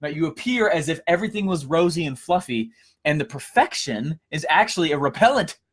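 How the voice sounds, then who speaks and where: A young man giving a casual coaching lesson, energetic and storytelling, with frequent fillers and restarts. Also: a little high, brisk, husky. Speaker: course instructor.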